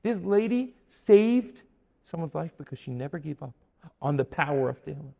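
A man telling a story in a sermon as a Torah teacher, dramatic, dropping to a hush and then rising to emphatic peaks. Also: on the high side, steady tone, fast talker, gravelly, husky, long reverb tail, dull audio. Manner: dramatic, swings from hushed to emphatic.

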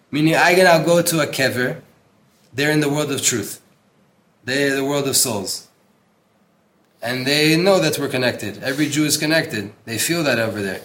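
Earnest and emphatic, a man with a slightly high, fairly bright voice teaches a Torah class. He reads a text aloud and translates it, mixing Hebrew terms into his speech and repeating words to drive points home.

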